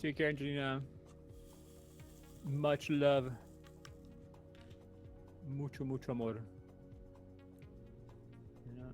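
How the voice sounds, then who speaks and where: A man's voice: mid-range voice, level tone, slow pace, long pauses, faint music behind. A man co-hosting a live stream in casual chat, laid-back and rambling, with lots of "like".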